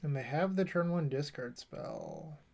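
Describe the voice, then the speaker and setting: A man with a fairly high voice talks through his card game as he plays. He rambles, cracks jokes at his own expense, and keeps a loose, casual commentary going. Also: huge pitch swings, a little slow, creaky, darkish tone. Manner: rambling, self-mocking asides. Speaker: gameplay streamer.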